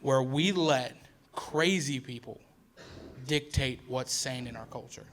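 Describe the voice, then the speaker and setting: A man's voice: medium pitch, slow pace, noisy background. A male stand-up comedian telling jokes on stage, chatty and self-correcting, often laughing through his lines. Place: comedy stage before an audience.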